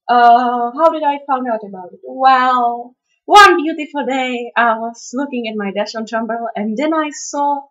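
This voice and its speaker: A young Czech woman talks through a casual home video in English, which is not her first language, and her speech is full of hesitant "uh"s. She reads words the way they are spelled, in a slightly high voice at a very slow pace. The audio is muffled and lo-fi. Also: a bit bright. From Czech Republic. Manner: hesitant, many "uh" fillers, careful spelling-style pronunciation. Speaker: vlogger. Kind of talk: casual video reading a word list.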